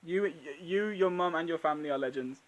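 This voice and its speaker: A man with a high voice chats loosely through a live Q&A. He sounds unwell and his throat is sore. He breaks into laughter often and leaves sentences hanging before starting them again. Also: brisk, highs cut off. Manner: laughs often, trails off and restarts. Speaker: channel host. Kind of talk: casual live Q&A chat.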